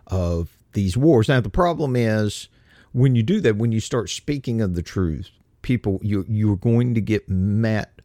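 Older man, radio host monologue, low voice, mellow tone, dry close sound, deliberate. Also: dry recording. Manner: deliberate, slows for emphasis.

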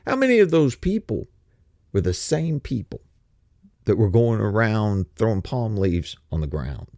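Male preacher, lively pitch swings, rhetorical questions, dry close mic. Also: normal speed, no room sound. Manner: animated, rising emphasis, rhetorical questions. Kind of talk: sermon.

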